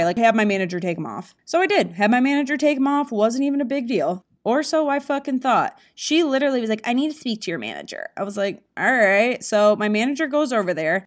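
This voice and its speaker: A young woman hosting a podcast, telling blunt, profane stories in a casual monologue. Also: mid-range voice. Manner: profane, blunt, animated storytelling. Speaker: podcast host.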